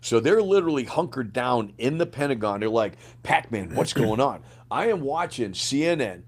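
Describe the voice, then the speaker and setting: A man's voice: medium pitch, moderate pace. Older man telling vivid war stories. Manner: animated storyteller, acts out quoted dialogue, swears freely. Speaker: guest, retired Green Beret sergeant major. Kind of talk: casual storytelling interview.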